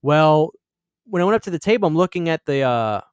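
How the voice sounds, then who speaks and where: A young man hosting a horror channel tells a rambling story to a live stream audience in casual chat, acting out the voices of the people he quotes. His voice is a little high and clear with a resonant tone, lively intonation and a slightly fast pace. The recording is dry with clean studio sound.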